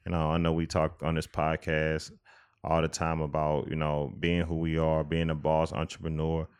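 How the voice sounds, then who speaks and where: A man's voice: rumbling low, monotone, normal speed, darkish tone, clean tone. A man co-hosting a podcast, talking earnestly and reflectively in a casual chat, with many restarts. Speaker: podcast co-host.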